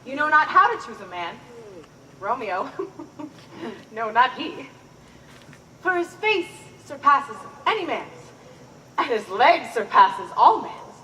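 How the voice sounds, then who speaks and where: A woman's voice: high voice, slow, pauses often, reverberant, big-room sound, a little hiss or hum, exaggerated voice. A woman acting the part of a chatty, complaining older nurse in a live Shakespeare performance. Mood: teasing. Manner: theatrical, lively, groaning complaints. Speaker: stage actor.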